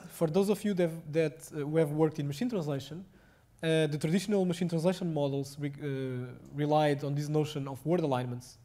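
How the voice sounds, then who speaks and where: This is a technical lecture by a young adult man with a Portuguese accent who hesitates often, filling pauses and restarting sentences. His voice leans high and warm, with fairly even intonation.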